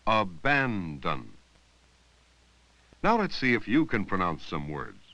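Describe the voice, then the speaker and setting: A man narrating an old educational film about reading long words, speaking slowly and deliberately and stretching out words to show their sounds. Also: on the low side, wildly swooping pitch, a bit bright, no echo, rough recording. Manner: slow, deliberate, drawing out words to teach sounds. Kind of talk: scripted instructional narration. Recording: dry, close voice-over from an old 16mm film.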